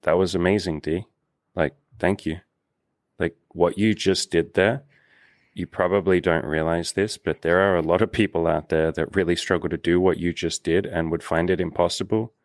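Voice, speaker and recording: A very deep-voiced man speaks earnestly and with measured warmth of words, affirming the others. The sound is dry and close, with no room around it. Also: steady tone, dry recording. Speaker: dating coach and host. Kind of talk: casual podcast conversation.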